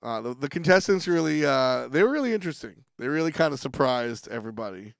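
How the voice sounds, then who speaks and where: A man's voice: mid-range voice, expressive, quick pace, gravelly, smooth, no echo, clean studio sound. A man hosting a livestream in casual chat, rambling, restarting sentences and laughing between thoughts. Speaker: stream host.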